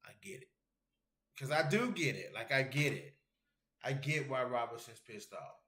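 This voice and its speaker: A medium-pitched man with big pitch swings talks at a moderate pace, sounding pushed and bright in an echoey room. He hosts an MMA livestream, rambling and swearing casually while reading out messages from the chat.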